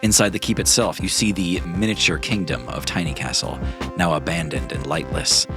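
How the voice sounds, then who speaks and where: A deep-voiced man runs a tabletop game as game master and narrates scenes in a relaxed, descriptive way. Clear music plays behind his voice. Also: normal speed.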